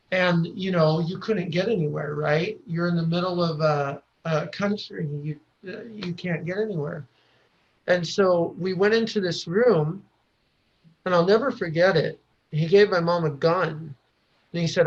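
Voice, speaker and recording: A man from the United States telling a personal story as a podcast guest, halting often with pauses and restarts. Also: high-pitched, steady tone. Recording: dull lo-fi recording.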